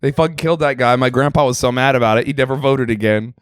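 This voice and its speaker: A man's voice: mid-range voice, steady tone, fast talker, no echo, studio quality. A man co-hosting a comedy podcast, chatting casually in a loose, profane, rambling way full of fillers. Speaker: podcast co-host.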